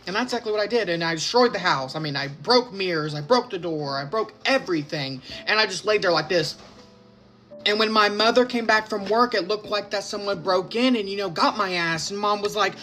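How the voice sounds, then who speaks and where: A man casually telling a comic story from his childhood, animated, swinging between loud and soft and drawling his punchlines. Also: sits high, fairly quick, faint music behind. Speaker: storytime narrator.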